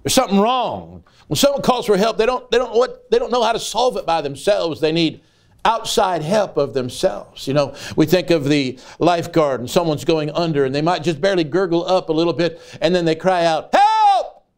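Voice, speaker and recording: Casting: older male evangelist, folksy then fiery, light high voice. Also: expressive, a little fast. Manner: folksy storytelling that builds to loud preaching cries. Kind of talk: sermon.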